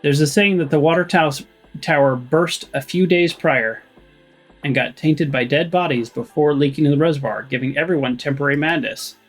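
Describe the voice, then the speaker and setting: A man's voice: on the high side, normal speed, faint music behind, lightly acted. Man reading an earnest police sidekick. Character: loyal male police officer sidekick.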